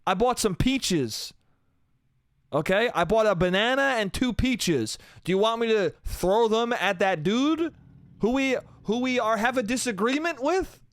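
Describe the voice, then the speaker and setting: A man's voice: sits high, lively intonation, unhurried, dry recording, voice pushed up. A man doing a coy street criminal. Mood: mock-innocent. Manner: mock-innocent, coded. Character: coy male street criminal talking in code.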